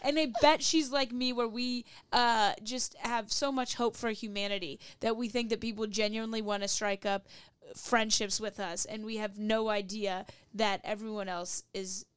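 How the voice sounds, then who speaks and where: A woman in casual podcast chat who talks about herself with humor and jumps into high-pitched acted quotes. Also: steady tone, moderate pace, clear, resonant tone, dry recording. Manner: chatty and self-mocking, bursts into high acted quotes.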